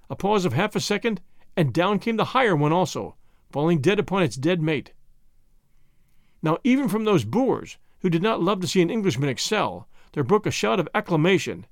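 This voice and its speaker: A man reads a novel aloud in the first person. His delivery is dramatic and expressive, and his fairly high voice moves animatedly up and down. The recording is dry and close. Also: no echo. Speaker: audiobook narrator. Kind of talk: scripted first-person narration.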